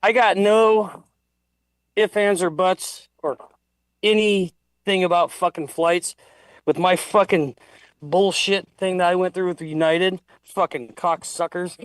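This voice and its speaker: Guy cussing up a storm telling his story, kinda high voice, dry mic. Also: fairly even intonation, takes it slowly, clean tone, dry recording. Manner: profane, heated storytelling. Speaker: guest. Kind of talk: casual livestream chat.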